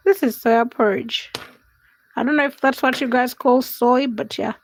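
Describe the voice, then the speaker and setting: A woman's voice: high-pitched, huge pitch swings, measured pace. A young woman hosting a casual livestream, chatting with viewers and reading their comments aloud while she cooks. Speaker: livestream host.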